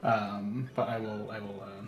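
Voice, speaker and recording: A man playing in a tabletop game, halting and thinking aloud as he works out his turn. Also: on the low side, flat delivery, soft background music. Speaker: player. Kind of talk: casual tabletop play.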